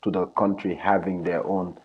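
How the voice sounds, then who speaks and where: A man's voice: sits low, little pitch movement, normal speed, breathy edge, muffled recording. A man who coaches soccer, analyzing a live match in casual talk, earnest and often repeating or restarting his phrases. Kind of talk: live match commentary chat.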